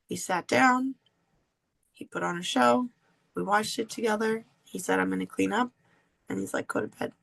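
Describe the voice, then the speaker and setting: A woman podcast host telling a personal story in an earnest, confessional way with drawn-out pauses. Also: mid-range voice, vocal fry, fairly bright tone.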